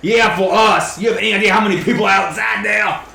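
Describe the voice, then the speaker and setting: Taunting adventurer played by a man, gruff, shouting, high lively voice, echoey noisy room. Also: a little fast, heavily acted.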